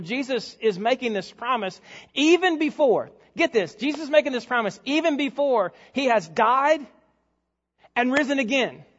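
High-voiced preaching man, echoing hall. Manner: emphatic preaching, repeating key words. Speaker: pastor. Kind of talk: televised sermon. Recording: dull sound with long hall reverb.

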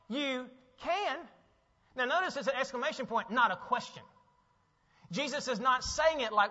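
A man preaching a sermon as pastor, animated and asking his listeners questions. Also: sits high. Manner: animated, asks the audience questions. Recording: dull, with long hall reverb.

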